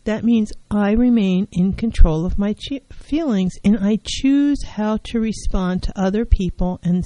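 A woman's voice: mid-range voice, mellow, no room sound, rough recording. A woman therapist giving an earnest self-help talk on mental health, driving her points home by repeating key phrases.

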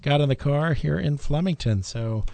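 A man's voice: fairly high pitch, normal speed, gravelly, no room sound. Guy on local radio doing the weather, laid back, lots of uhs, dry sound. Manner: relaxed, with uh fillers. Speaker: radio host. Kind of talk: casual local radio chat.

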